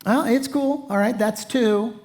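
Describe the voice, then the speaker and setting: Eager chummy apostle guy, a bit higher, fumbling for words, a preacher putting him on. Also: a little slow, a little mellow. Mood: smug. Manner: talkative, chummy, searching for words. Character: eager, self-satisfied male apostle.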